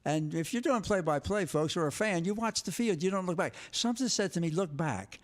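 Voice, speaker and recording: Older man telling animated stories. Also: high voice, brisk. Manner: lively, animated storytelling, acts out quotes. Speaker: guest, former TV sports director. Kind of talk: storytelling interview.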